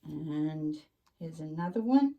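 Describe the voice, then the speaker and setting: A woman hosting a relaxed craft show-and-tell, chatty and rambling, with frequent ums and asides. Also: low voice, takes it slowly, lo-fi sound. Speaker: craft channel host.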